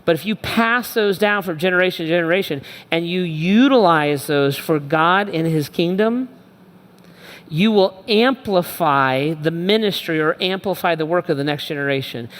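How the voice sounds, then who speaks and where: In an echoey church hall, a man preaches as pastor in a voice on the high side, clean and fairly bright. His delivery is conversational and emphatic, with phrases repeated to drive the point home, in a church auditorium.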